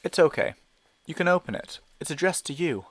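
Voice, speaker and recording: A man voicing a grieving middle-aged mother who speaks gently but urgently in an audiobook reading. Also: a little high, animated, brisk, dry recording, pitched above the performer's own voice. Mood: gentle. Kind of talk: audiobook character voice.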